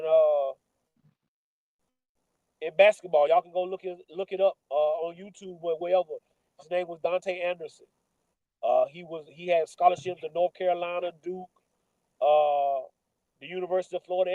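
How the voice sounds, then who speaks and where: A man's voice: high voice, mellow, no room sound, muffled recording. A football coach in his forties telling a personal story in a casual, conversational way, with many fillers and restarts. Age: 40s. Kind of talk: personal storytelling in a sports talk show.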